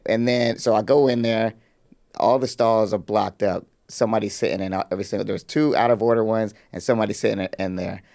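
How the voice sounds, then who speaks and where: A man's voice: on the low side, fairly even intonation, a little fast, creaky, a little mellow. A man co-hosting a podcast, chatting casually. He tells long stories, laughs a lot and acts out other people's voices. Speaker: podcast co-host. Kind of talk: casual chat.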